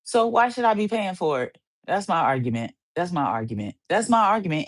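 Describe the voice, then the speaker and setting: A woman's voice: fairly low pitch, sing-song, brisk. A woman hosting her podcast in a casual solo monologue, ranting playfully and repeating phrases for emphasis. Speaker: podcast host.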